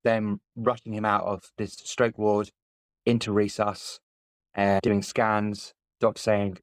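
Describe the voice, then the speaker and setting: Low-voiced man telling a story. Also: level tone, takes it slowly, dry recording. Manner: candid, plain-spoken, speeds up in tense moments. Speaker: podcast guest. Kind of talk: personal storytelling.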